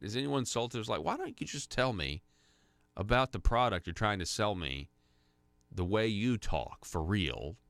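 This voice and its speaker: A man's voice: lowish voice, a bit bright, no room sound. A man hosting a conservative talk radio show from a studio, rambling conversationally with many fillers and restarts.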